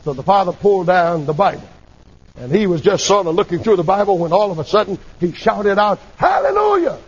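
A male preacher giving an impassioned sermon, calling on the congregation for amens and breaking into shouts. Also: high voice, fairly quick, muffled recording. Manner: impassioned, calls for amen, sudden shouts.

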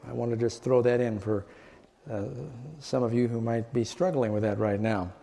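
A man delivers a dramatic sermon, building his voice up high and then sinking it to a near hush. His tone is dark and mellow, carried by the long reverb of a large hall. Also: fairly even intonation, normal speed. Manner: dramatic storytelling, voice rising and dropping low. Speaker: preacher.

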